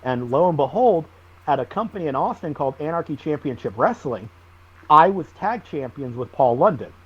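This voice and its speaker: A man, a wrestling guest on a podcast, telling stories in a lively, animated way. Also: on the high side, normal speed, breathy edge, dull audio. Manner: animated storyteller, acts out shouted quotes. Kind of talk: casual storytelling interview.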